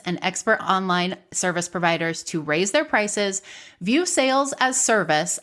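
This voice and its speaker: A woman hosts a casual podcast interview in a chatty, animated way. She laughs easily and keeps the talk lively. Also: medium pitch. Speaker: podcast host.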